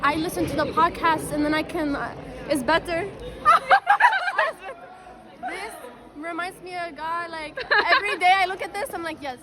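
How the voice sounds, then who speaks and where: A young woman chatting excitedly and giggling in a phone video clip recorded outdoors. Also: extremely high pitch, a little fast. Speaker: fan in a played video clip. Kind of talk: casual excited chat. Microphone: phone camera. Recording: phone video outdoors with loud crowd and traffic. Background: loud crowd and passing vehicles.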